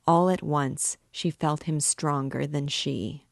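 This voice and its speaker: Woman reading a classic novel aloud, low voice, unhurried, no room echo at all. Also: steady tone, vocal fry, studio quality. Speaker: book reader and guide.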